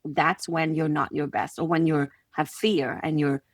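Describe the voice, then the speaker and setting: Quebec French-accented woman, podcast guest coach, lowish voice, close and dry, animated storyteller. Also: measured pace, no room sound. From Quebec City, Canada. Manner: animated, acts out little scenes in quoted voices. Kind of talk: conversational podcast interview.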